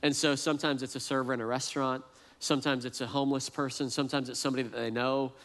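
A man's voice: mid-range voice, flat delivery, fast, a bit bright. Earnest preaching man in a reverberant hall. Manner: earnest, repeats words as he restarts. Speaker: pastor. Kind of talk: sermon. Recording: long reverb, as in a large hall.

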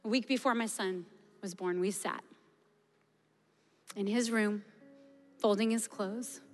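A woman in her forties giving a passionate sermon testimony and prayer, at times dropping to a hushed voice. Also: mid-range voice, steady tone, takes it slowly. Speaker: preacher. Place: large church hall. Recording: reverberant hall with soft music. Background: soft music.

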